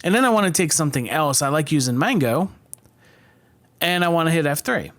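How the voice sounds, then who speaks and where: A man hosting a software tutorial, calmly walking through editing steps with occasional fillers. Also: a little high, brisk. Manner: relaxed step-by-step explaining, with fillers. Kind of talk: screen-recorded editing tutorial.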